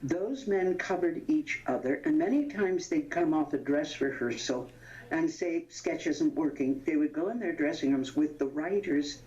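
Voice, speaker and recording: A woman in her eighties, a veteran actress, reminiscing in an interview as an animated storyteller who laughs often and stops to search for names. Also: sits low, normal speed. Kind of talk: anecdotal reminiscing. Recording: dull lo-fi sound.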